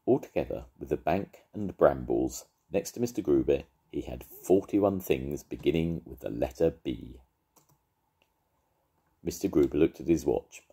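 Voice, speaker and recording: An older man, a grandfather, reading a children's story aloud in a lively, expressive way. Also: rumbling low, a little slow, breathy edge.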